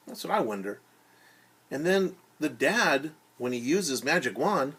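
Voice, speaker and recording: A young male teacher hosts story time, musing aloud and asking young listeners gentle questions. His voice sits fairly high and swoops in a lively, sing-song way. There's a slight huskiness to it. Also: moderate pace, breathy edge. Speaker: teacher reading to children.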